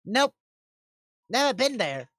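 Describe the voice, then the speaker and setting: A man's voice: extremely high pitch, big pitch swings, takes it slowly, fairly bright tone, voice pushed up, full character voice. A man putting on a crotchety old witch woman. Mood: folksy. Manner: folksy, drawling, dismissive.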